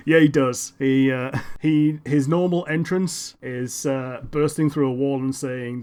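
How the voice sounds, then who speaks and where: Male podcast co-host, mid-pitched voice, laid-back and informative, casual chat. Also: fairly even intonation, takes it slowly, darkish tone, clear, resonant tone. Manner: laid-back, explains show details, agreeable.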